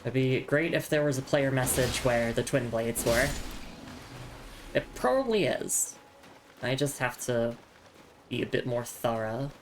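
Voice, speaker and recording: A woman's voice: rumbling low, expressive, unhurried, pauses often, slight background noise. A woman streamer chatting casually while playing a game, reading item text aloud to her viewers. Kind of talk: casual gameplay commentary.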